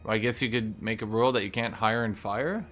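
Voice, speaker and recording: A man giving casual, ranting gameplay commentary, animated and profane, as a content creator. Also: lowish voice, fairly quick, over loud music.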